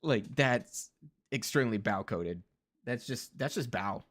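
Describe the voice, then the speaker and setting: A man's voice: medium pitch, expressive, a little slow, fairly bright tone. A young man streaming as a VTuber, reacting to videos with casual, profane, ranting commentary. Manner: ranting, heavy swearing.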